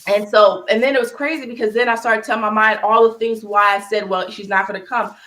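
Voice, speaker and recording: A woman's voice: a little high, fairly even intonation, brisk, fairly bright tone, low-quality recording. Earnest woman sharing something painful, close to tears. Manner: earnest, tearful at times, restarts and fillers. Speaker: podcast co-host. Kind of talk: emotional personal talk.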